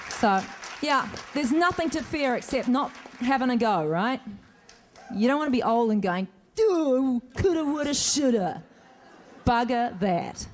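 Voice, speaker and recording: A woman's voice: fairly high pitch, lively intonation, moderate pace, some chatter behind, slight background noise. A woman answering fan questions as an actor guest at a convention, chatty and self-deprecating, speaking into a stage mic in a large hall. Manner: chatty, joking, self-deprecating, restarts often. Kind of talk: convention Q&A panel.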